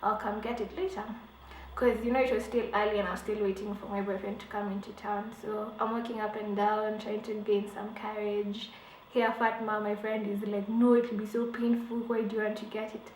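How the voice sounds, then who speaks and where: A woman's voice: medium pitch, flat delivery, a little fast, a little mellow. A young woman, telling a dramatic personal story for her vlog with laughs and acted-out quotes. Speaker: beauty vlogger. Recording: echoey room, faint background hum.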